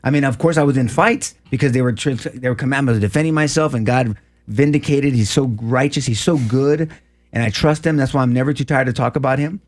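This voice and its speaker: Brief: quick, earnest man, repeats himself, conversational guest. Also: medium pitch. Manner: earnest, repeats phrases, fast restarts. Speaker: former district attorney, guest. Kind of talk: casual conversational talk.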